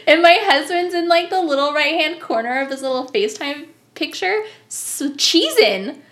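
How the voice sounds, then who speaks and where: A woman in her thirties telling a story in casual chat, animated, laughing and swearing often. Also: sits high, brisk. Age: 30s.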